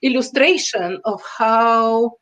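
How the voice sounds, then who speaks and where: Older Russian-accented woman, fairly high voice, reflective guest, halting delivery. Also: a bit bright. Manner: reflective, many hesitation fillers. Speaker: guest interculturalist. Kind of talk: casual conversation.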